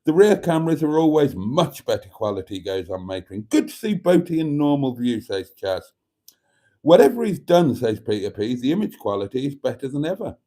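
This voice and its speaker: A man's voice: mid-range voice, very animated, fairly quick, dark tone. A man hosting a casual live stream from a phone, reading out viewer comments in a theatrical, self-mocking way and calling his audience darlings. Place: at a table indoors. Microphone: phone camera.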